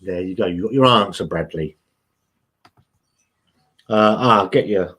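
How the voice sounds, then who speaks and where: A man's voice: deep voice, unhurried, fairly bright tone, slightly rough. A man hosting a casual live stream from home, reading out chat messages in a chatty, blunt, sweary way and calling everyone mate.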